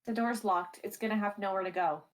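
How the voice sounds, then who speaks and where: A woman playing a tabletop game, talking in an eager, animated way. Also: medium pitch, fairly quick, poor audio. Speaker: player. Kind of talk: casual tabletop play.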